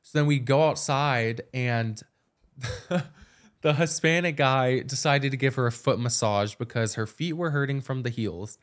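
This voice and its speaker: A man's voice: mid-range voice, unhurried. A young man co-hosting a podcast. He tells stories casually and fills them with "like" as he goes. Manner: storytelling, fillers of "like" throughout. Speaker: podcast co-host. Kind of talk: casual chat.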